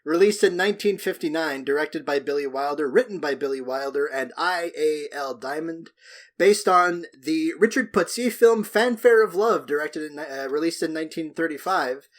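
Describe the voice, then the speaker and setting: Male co-host, slightly higher voice, casual jokey banter with cursing. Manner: joking, profane, loose. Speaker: podcast co-host. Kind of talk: casual podcast chat.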